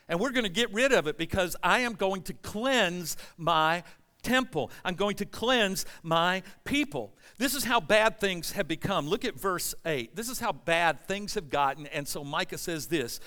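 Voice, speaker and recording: A man preaching a sermon, reading scripture and explaining it, swinging from loud emphatic stretches to quiet asides. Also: high-pitched, normal speed, long reverb tail. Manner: animated preaching, rising loud at emphasis, dropping soft. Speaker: pastor.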